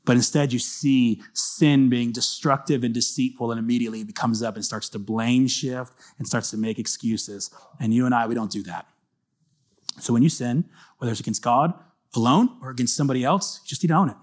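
A man's voice: medium pitch, fairly quick. A male pastor giving a casual, earnest sermon in a conversational way. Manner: casual, earnest, acts out short quoted lines.

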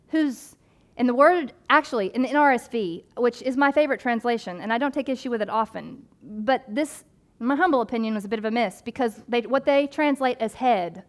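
Woman pastor preaching conversationally. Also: medium pitch. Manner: conversational, animated preaching with asides and playful voices. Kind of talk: sermon.

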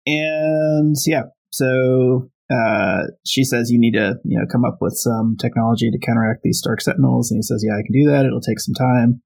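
Casual podcast co-host, male, husky gravelly voice, rambling plot recaps full of "like" and "you know.". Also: medium pitch, moderate pace, hardly any pauses, darkish tone, rough recording. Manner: recaps plot with many fillers and quoted paraphrase. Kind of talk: casual comic book discussion.

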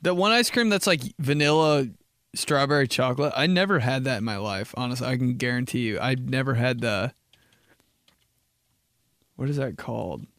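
A man's voice: medium pitch, lively intonation, moderate pace, fairly bright tone, no echo. A young man hosting a casual solo podcast, rambling and joking, saying like a lot. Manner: rambling, jokey, says like a lot. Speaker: podcast host.

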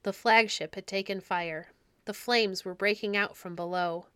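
Smooth-voiced woman reading stories aloud. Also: mid-range voice, fairly even intonation, unhurried, a bit bright, dry recording. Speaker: storytelling podcast host. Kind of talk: storybook read-aloud narration.

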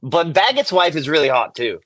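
A man's voice: a little high, big pitch swings, moderate pace, fairly bright tone. An American man as a podcast guest, laid-back and crude, chuckling in casual chat. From United States. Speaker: guest, motorcycle test rider.

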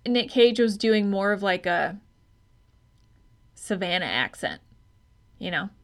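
A woman's voice: mid-range voice, animated, takes it slowly. A woman co-hosting a podcast, talking frankly and casually about a movie and swearing freely. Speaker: podcast co-host. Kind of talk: casual movie-review chat.

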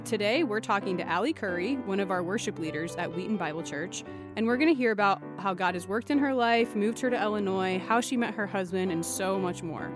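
A woman's voice: mid-range voice, fairly quick. A woman co-hosting a church podcast, upbeat and chatty in casual conversation. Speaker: podcast co-host. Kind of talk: casual chat. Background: guitar music.

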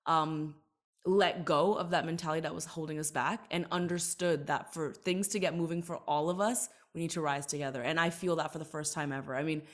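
A woman's voice: low-pitched, steady tone. A woman in her thirties speaking earnestly and reflectively as a podcast interview guest. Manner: earnest, reflective, quick to emphasize. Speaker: guest, entertainer and author.

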